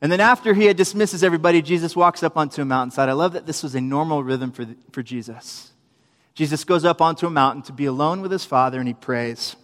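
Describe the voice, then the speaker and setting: Young male preacher with a high voice, animated storyteller, long room echo. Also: fast talker. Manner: storytelling, animated, acts out quotes, humorous asides. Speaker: preacher, youth minister. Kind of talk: sermon.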